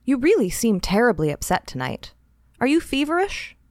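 A woman reading as a calm caring husband. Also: fairly high pitch, moderate pace, dry recording, studio quality, pitched above the performer's own voice. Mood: concerned. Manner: gentle, solicitous.

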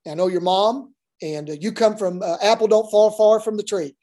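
A man's voice: sits high, normal speed, mellow. A man, a basketball coach, telling rambling, folksy stories in a casual interview with many restarts. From Oklahoma.

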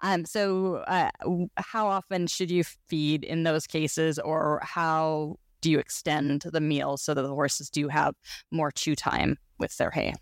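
A woman's voice: low-pitched, fairly even intonation, unhurried, no echo, clean studio sound. Chatty woman horse-owner podcast host. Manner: chatty, laughs often, many restarts and ums. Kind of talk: casual conversational podcast.

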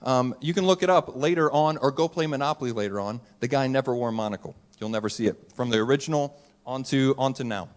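A man's voice: mid-range voice, fast talker. A man, a pastor giving a casual, conversational Christmas sermon to a live church audience and joking with the crowd.

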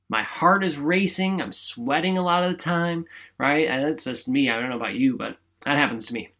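A man's voice: on the high side, fairly bright tone. A man hosting a podcast alone, giving an upbeat motivational talk in a chatty, emphatic way and often asking "right?". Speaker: podcast host. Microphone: studio microphone.

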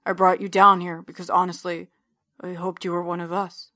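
A woman voicing a big older man, a brooding cult believer holding someone captive, in a low, quiet, confiding voice. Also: flat delivery, moderate pace, no echo, clean studio sound.

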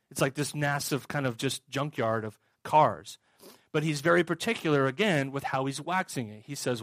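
A man's voice: mid-range voice, a bit bright, dry recording. A man preaching a sermon, retelling a story in a storytelling way and putting questions to the audience. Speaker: pastor.

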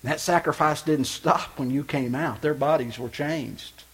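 A male pastor preaching a sermon with passion, swinging from loud emphatic lines to quiet hushed ones. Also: a little high, a little slow, few pauses, husky. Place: church.

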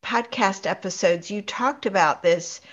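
A woman hosting an interview and asking measured, reflective questions. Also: mid-range voice, a bit bright. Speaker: host. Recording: dull lo-fi recording.

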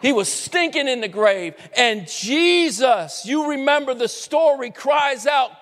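A man preaching a sermon with passion, building to shouts at the high points. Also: animated, takes it slowly. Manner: impassioned preaching, rising to shouts, voicing scoffing critics. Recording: long hall reverb.

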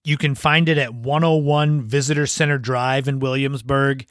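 A man's voice: mid-range voice, steady tone, normal speed, a bit bright, no room sound, studio quality. A man hosting a podcast, telling casual anecdotes and laughing as he goes. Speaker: podcast host. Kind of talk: casual storytelling monologue.

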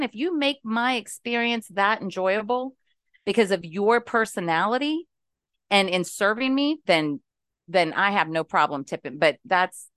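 A woman's voice: mid-range voice, a bit bright, no room sound, clean studio sound. A middle-aged woman from West Virginia calling into a talk show, venting animatedly and with exasperation. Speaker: caller. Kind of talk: casual talk-show call-in.

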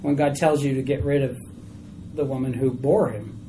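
A woman teaching a small Bible study group in a chatty, animated way, asking questions of the class. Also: extremely low pitch, normal speed, background noise.

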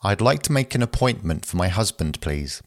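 A man reading short phrases aloud for language learners, slow and careful, one at a time. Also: fairly low pitch, sing-song, dry recording, clean studio sound. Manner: slow, careful, evenly paced phrase delivery. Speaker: phrasebook reader.

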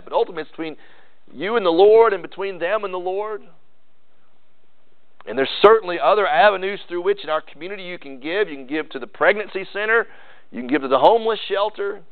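A male pastor preaching an earnest sermon, often restarting and repeating words. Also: fairly high pitch. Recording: tinny phone-like sermon recording.

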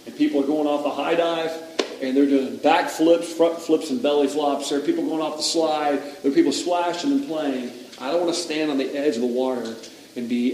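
A man's voice: medium pitch, slight background noise. Man preaching in an echoey hall. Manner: animated storytelling, quoting others with rising intensity. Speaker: pastor. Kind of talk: sermon. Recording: echoey hall, voice from a distance, faint ambience.

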